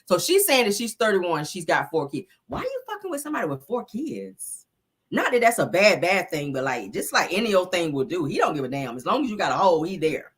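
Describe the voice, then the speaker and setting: A woman's voice: on the low side, very animated, fairly quick, few pauses, breathy edge. A woman hosting a casual gossip commentary, reading messages aloud, chatty and profane, talking straight to her viewers.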